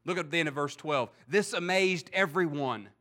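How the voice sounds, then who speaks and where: Male pastor, high and bright voice, animated sermon delivery with acted-out asides. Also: normal speed. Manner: animated, acts out voices of onlookers, chuckles.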